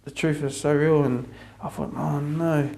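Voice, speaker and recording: A man with a New Zealand accent giving an earnest personal testimony, repeating phrases as he builds up excitement. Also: fairly high pitch, normal speed, creaky. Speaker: convert sharing his testimony.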